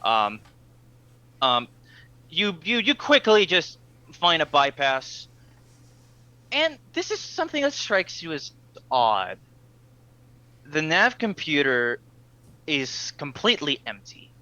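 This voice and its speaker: A man narrates as game master, talking in halting bursts full of fillers and restarts. His voice is bright and sits close and dry on the mic. The stream audio is a little dull and lo-fi. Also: on the high side, huge pitch swings, no echo.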